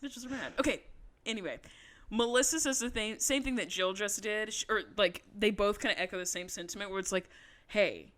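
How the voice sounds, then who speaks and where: A woman co-hosting a podcast in a casual recap chat, animated and swearing, acting out quotes in different voices. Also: medium pitch, fairly quick. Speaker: podcast co-host.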